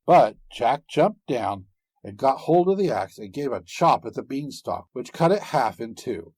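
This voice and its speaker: A male storyteller reading a fairy tale slowly and with great expression, his pitch rising and falling widely. His voice is husky and the recording is dry and close. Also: no room sound. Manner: expressive, unhurried, dramatic.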